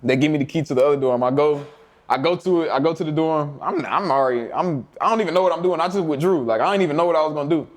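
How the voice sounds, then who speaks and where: A man's voice: fairly high pitch, rapid-fire. Profane, laughing man telling stories. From Mobile, Alabama. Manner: animated, profane, laughing anecdotes. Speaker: interview guest. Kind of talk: casual storytelling interview.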